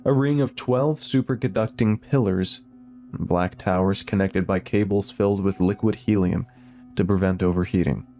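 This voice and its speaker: Low mellow male horror narrator. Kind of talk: scripted horror story narration.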